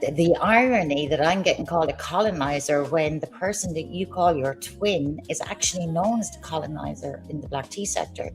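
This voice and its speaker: A woman's voice: fairly low pitch, a little mellow. A woman ranting on a livestream in a combative, sarcastic way, swearing as she talks. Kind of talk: heated livestream rant.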